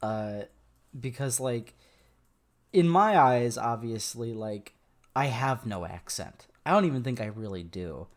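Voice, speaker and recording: Excitable American podcast co-host. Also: male voice, medium pitch. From United States. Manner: excitable, laughs often, halting restarts. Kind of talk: casual chat.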